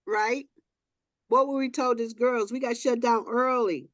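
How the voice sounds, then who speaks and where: A woman hosting a morning talk show. She reads a reflective passage in a measured way and then chats in an animated, conversational style. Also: on the high side, no echo, studio quality. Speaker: host. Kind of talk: reading a passage, then casual group chat.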